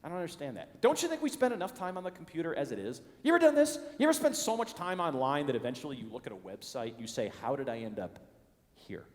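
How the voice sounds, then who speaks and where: A middle-aged man from the Chicago area doing a stand-up comedy routine, animated and acting out the voices of people in his stories. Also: fairly high pitch, rapid-fire, hardly any pauses. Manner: animated, acts out quoted voices. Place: large conference hall stage. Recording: long reverb of a large hall.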